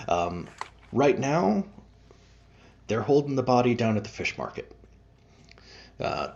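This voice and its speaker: Gravelly-voiced man running a tabletop game. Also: lowish voice, a little mellow. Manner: halting, many fillers and restarts. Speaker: game master. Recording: dull lo-fi sound.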